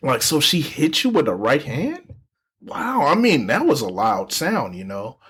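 A man's voice: mid-range voice, unhurried, slightly rough. A young man casually telling a long story on a podcast, slangy, acting out what people said. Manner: animated storyteller, slangy, acts out quoted people. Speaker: podcast co-host.

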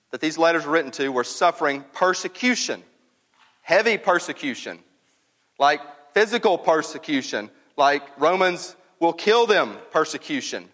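Man preaching with lively, emphatic delivery. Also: on the high side, long reverb tail. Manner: conversational, emphatic, repeats words for stress. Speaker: pastor. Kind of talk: sermon. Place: church.

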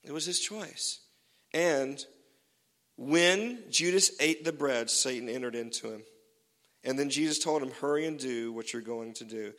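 Man, pastor, sermon, casual, joking, filler-heavy, bright tone, echoing church hall. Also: mid-range voice, unhurried.

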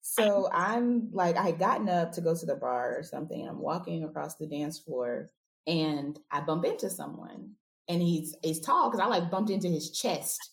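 Lively woman guest in an echoey room. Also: deep voice, moderate pace, creaky. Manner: lively, laughing storyteller. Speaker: podcast guest. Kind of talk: casual storytelling. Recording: roomy echo.

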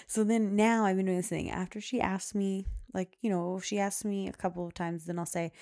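A woman's voice: on the low side, fairly even intonation, fast talker, warm tone. A woman hosting a podcast, telling a family story in casual, rambling chat, laughing often and filling gaps with "like.". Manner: chatty, laughs often, many "like" fillers. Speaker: podcast host, mother.

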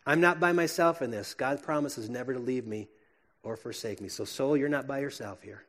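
A man, likely a pastor, preaching a sermon with earnest emphasis that drops to hushed, gentle passages. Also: mid-range voice, fairly quick.

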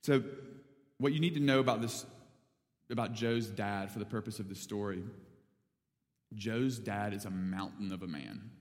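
A man from North Alabama preaching, telling a story in a casual, animated way with many fillers. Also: on the low side, normal speed, long pauses, in a large hall. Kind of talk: sermon storytelling.

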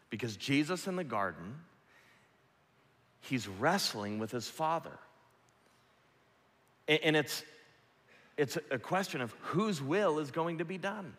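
A man preaching a sermon, moving between loud, impassioned peaks and quiet, hushed passages. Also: mid-range voice, lively intonation, moderate pace, pauses often. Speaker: pastor. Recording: long reverb of a large hall.

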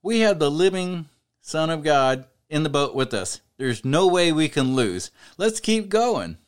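A man voicing an excited disciple in a storm. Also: fairly high pitch, unhurried, clean tone. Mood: bold. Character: frightened male disciple in a storm.

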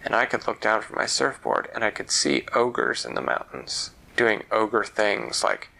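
A man's voice: fairly low pitch, very animated, unhurried, vocal fry, few pauses, pushed and bright, rough recording. A man telling a fantasy story aloud, leisurely and repeating words for effect. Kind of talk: oral storytelling.

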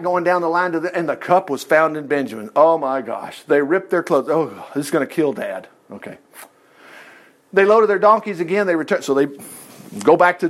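A man preaching and retelling a Bible story in a playful, animated way, laughing often and acting out the characters' lines. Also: a little high. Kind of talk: sermon-style Bible storytelling.

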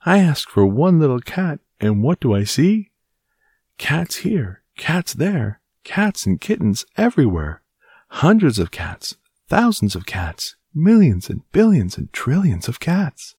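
A very old woman from a storybook, as a male narrator puts her on, lifting her voice high and exclaiming in a fussy, scolding way. She sounds fretful and bothered, with a breathy, husky edge. The recording is dry and close. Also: very animated, slow, darkish tone, dry recording, full character voice. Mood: alarmed.

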